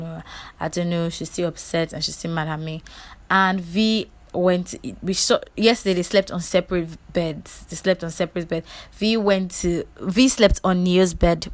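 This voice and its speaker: Woman vlogging a show recap, lowish voice, rambly and chatty, lots of likes and ums.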